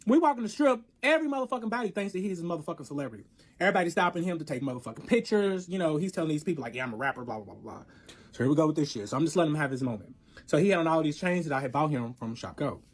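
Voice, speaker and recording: A man telling a story in casual chat, animated and profane, acting out both sides of the arguments. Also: a little high, rapid-fire.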